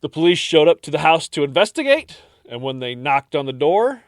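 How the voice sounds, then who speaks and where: A man co-hosting a podcast, narrating a dark history story with dramatic pauses and laughing easily in banter. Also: fairly high pitch, sing-song, no room sound, studio quality. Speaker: podcast co-host.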